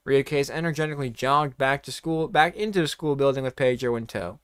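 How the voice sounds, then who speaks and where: A man's voice: mid-range voice, brisk, hardly any pauses, fairly bright tone, clear, resonant tone, no room sound, studio quality. A man reading a comedic story aloud in a playful, mock-dramatic way, breaking off for joking asides.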